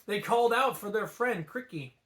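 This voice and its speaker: Animated man reading a bedtime story. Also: sits high, normal speed. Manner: playful and animated, with asides. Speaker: storybook reader. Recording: echoey room.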